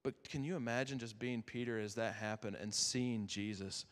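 A man preaching as a youth pastor, earnest and conversational, with dramatic pauses that drop to a near-whisper. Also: medium pitch, fairly even intonation. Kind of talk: sermon. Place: chapel. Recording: long chapel reverb.

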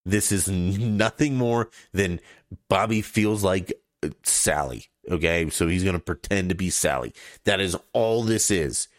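A man's voice: low-pitched, measured pace, no room sound, studio quality. A man hosting his own podcast, ranting bluntly and with profanity, mocking opponents and laughing at his own jokes. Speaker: podcast host. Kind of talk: opinionated solo podcast rant.

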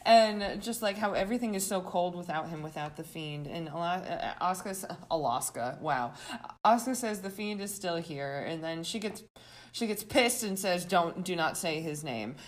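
A woman's voice: on the low side, moderate pace. A woman co-hosting a podcast, recapping a show in casual chat, laughing often and acting out quotes. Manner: giggly, animated storytelling with quoted asides. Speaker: podcast co-host.

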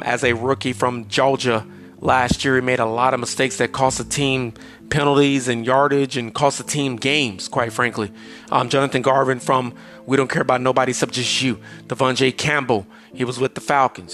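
A man talking through a football roster on his own podcast, leaning hard on key words and then rushing through heights, weights and years. His voice sits at an ordinary middle pitch. Faint guitar music plays underneath. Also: fairly bright tone. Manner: emphatic, drawn-out delivery with sudden rushes of stats. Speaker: podcast host. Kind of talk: solo sports podcast monologue.

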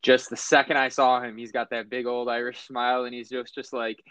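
A man's voice: medium pitch, little pitch movement, brisk, fairly bright tone, clear, resonant tone, no room sound. A young man hosting a podcast, chatting casually and profanely and laughing often. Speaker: podcast host. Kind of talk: casual chat. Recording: dry, slightly dull sound.

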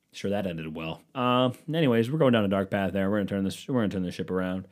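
A man's voice: sits low, quick pace, darkish tone. A man hosting his own solo comedy podcast, rambling through profane, self-mocking tangents. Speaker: podcast host.

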